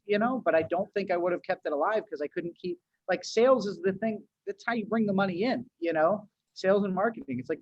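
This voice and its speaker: A man's voice: sits high, no echo. A man from New England talking casually as a podcast guest, loose and slangy, calling people "dude" and restarting sentences. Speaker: podcast guest, agency owner. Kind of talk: casual interview chat. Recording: dull, dry lo-fi audio.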